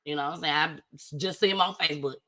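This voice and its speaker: Woman host, bright, forceful voice, animated casual storyteller with wide swings. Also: quick pace. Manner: animated, with big swings in pitch and loudness.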